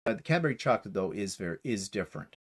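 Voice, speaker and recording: Chatty storytelling man, lively pitch. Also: very fast, slightly rough. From Canada. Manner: chatty storyteller, laughs easily. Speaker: co-host. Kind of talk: casual livestream chat.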